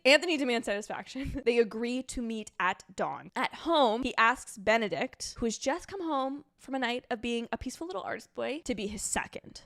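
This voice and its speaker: A woman casually recapping a TV episode in a chatty, animated way, full of "like" and pet names. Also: on the high side. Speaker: recap vlogger.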